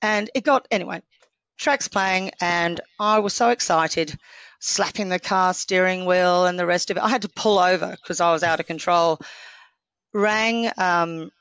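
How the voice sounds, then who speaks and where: A woman in her forties from Australia, a podcast guest telling stories in a lively, chatty way and acting out what people said. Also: fairly low pitch, a little slow, clean tone, no echo. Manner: lively storyteller, acts out quotes. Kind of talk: casual interview chat.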